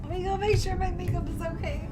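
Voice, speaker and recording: A woman's voice: very high voice, steady tone, quick pace. A young woman live streamer, crying and gushing as she thanks viewers over and over for their donations. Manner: gushing, tearful, repeats thanks.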